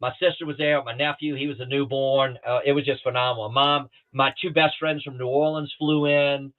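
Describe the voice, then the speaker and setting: A middle-aged man from the Southeastern United States speaks over a thin, boxy call line that sounds like a telephone. He is a guest pilot recounting his flying days in a podcast interview at a medium pitch. He tells it animatedly and slips into the voices of the people in his stories. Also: fairly quick. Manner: lively storyteller who acts out other people's lines. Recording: thin phone-like remote call audio.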